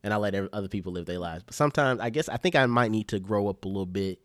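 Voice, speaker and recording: A man's voice: on the low side, lively intonation, rapid-fire, a bit bright, no room sound, clean studio sound. A young man casually telling a funny story on a podcast, laid-back and slangy, swearing freely. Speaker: podcast co-host.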